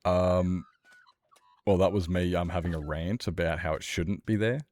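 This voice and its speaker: A man's voice: low voice, steady tone, normal speed, a little mellow, a little hiss or hum. A man streaming a survival game, chatting with viewers in a worked-up, playful rant. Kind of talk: casual live-stream chat.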